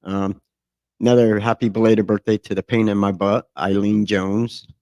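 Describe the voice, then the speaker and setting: A man's voice: on the low side, level tone, normal speed, darkish tone, no room sound. A middle-aged man hosting a podcast in loose, profane, joking chat full of fillers. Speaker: podcast host. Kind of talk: casual, crude chat.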